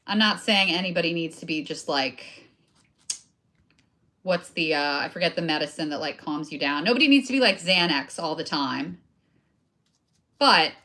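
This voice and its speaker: Bright, chatty woman crafting on camera. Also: medium pitch. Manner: chatty, self-deprecating, talks while working with hands. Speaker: crafting video host. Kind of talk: casual crafting chat to viewers.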